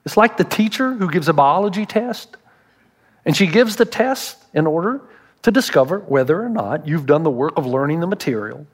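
A man's voice: fairly high pitch, lively intonation, normal speed, slightly rough. A middle-aged man, a pastor preaching a sermon with humorous storytelling.

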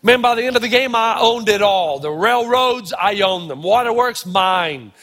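A middle-aged man preaching a sermon, telling stories in short, punchy phrases with dramatic pauses. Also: high voice, animated, a bit bright. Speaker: pastor. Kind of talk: sermon with storytelling. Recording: long hall reverb.

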